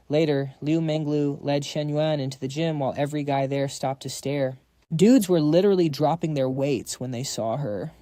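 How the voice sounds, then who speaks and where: A man narrates a comic recap in slangy, brisk storytelling. His voice is slightly high and mellow. It sounds close-miked and dry. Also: no room sound.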